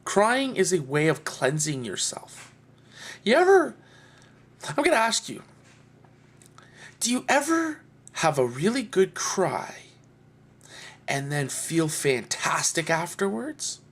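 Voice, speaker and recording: A man speaks to camera in a personal video blog. His delivery is earnest and heartfelt. He talks slowly and lets his voice rise and fall a great deal. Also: a little high, sing-song, a bit bright, slightly rough. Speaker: video blogger.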